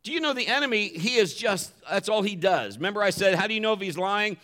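A man's voice: high voice, expressive, fast talker, sharp tone. A pastor preaching a sermon in a conversational way, acting out the voices he quotes.

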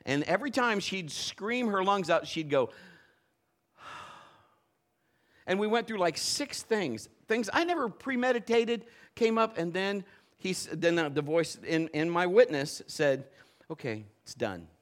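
A man preaching at a church service, a pastor who tells stories with plenty of animation. His voice sits a little on the high side and swoops up and down a lot as he acts out the people in his story. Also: animated, normal speed. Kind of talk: sermon with personal story.

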